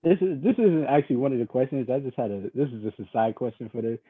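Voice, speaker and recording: A man's voice: medium pitch, animated, fast talker, husky. A young adult man hosting a podcast, asking questions in laid-back, slangy casual chat. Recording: dry, tinny phone-like sound.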